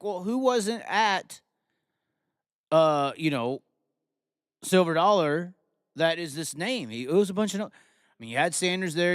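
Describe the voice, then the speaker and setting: A man's voice: fairly high pitch, clean tone, no room sound, clean studio sound. Rambling man hosting a live show. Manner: rambling, restarts and stammers, animated. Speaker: host. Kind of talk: casual live reaction talk.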